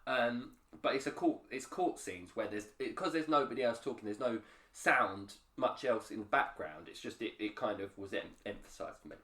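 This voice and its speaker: A man's voice: medium pitch, moderate pace, fairly bright tone. A man co-hosting a casual film podcast, rambling and interrupting himself, swearing casually. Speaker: podcast co-host. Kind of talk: casual chat. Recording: roomy echo.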